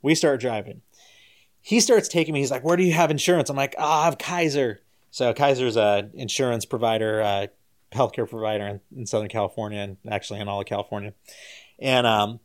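An average-pitched man telling a story in a loose, conversational way, with a lot of laughter. His voice leaps up and gets louder whenever he acts out what someone said. It drops quiet and low when he reflects. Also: a little fast. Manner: animated, jumps much higher and louder when quoting people. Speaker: guest storyteller. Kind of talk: casual storytelling on a podcast.

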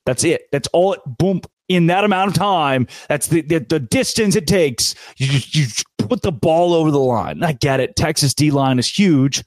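A man's voice: fairly high pitch, animated, moderate pace, few pauses, no room sound. A man hosting a sports podcast, ranting with sarcasm and hyperbole in an opinionated, fired-up way.

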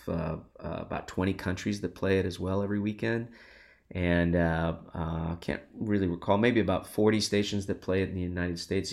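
A middle-aged man speaks as an interview guest, his voice sitting low and deep. He talks in an earnest, reflective manner, sounding grateful as he looks back. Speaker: guest musician and radio host. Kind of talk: conversational interview.

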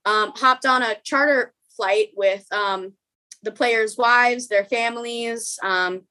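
Fast-talking young woman telling a story. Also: a little high, bright, forceful tone, rough recording. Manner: rapid, emotional storytelling with many ums and quoted dialogue. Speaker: guest. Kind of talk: storytelling in a podcast interview.

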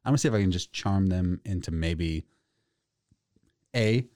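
A man telling a story in casual chat on a podcast, animated and laughing often. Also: low voice, normal speed, no room sound, clean studio sound. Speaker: podcast co-host.

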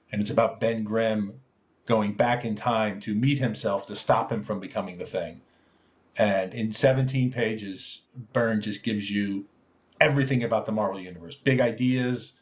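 Deep-ish guy on a podcast, jokey then thoughtful, talking about old comics. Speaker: guest, former comics editor. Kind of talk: phone-in interview chat.

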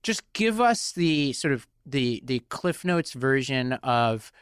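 Animated male podcast co-host. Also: medium pitch, slow pace, clear, resonant tone, no echo, studio quality. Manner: animated, peppered with "like". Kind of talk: casual chat.

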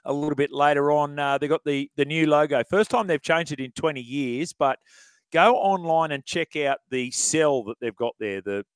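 Opinionated Australian radio host, dry sound. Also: male voice, a little high, normal speed, clean tone, dry recording. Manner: chatty, opinionated, chuckles as he talks. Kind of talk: casual sports commentary.

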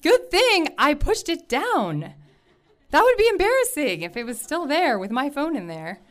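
A woman telling a personal story to an audience in an animated way, laughing often and acting out the voices of the people in it. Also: sits high, moderate pace. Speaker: storyteller at a live event.

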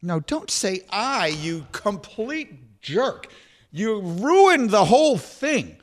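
Teasing sports radio host, lively pitch. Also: male voice, takes it slowly. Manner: teasing, incredulous, laughs often. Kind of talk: casual sports talk banter.

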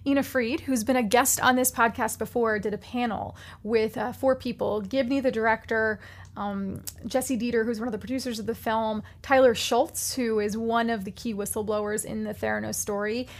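A woman's voice: a little high, fairly even intonation, normal speed. A woman hosting a podcast, talking casually with a guest and using plenty of fillers like "you know". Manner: chatty, uses many fillers like "you know". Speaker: podcast host. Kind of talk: casual interview chat.

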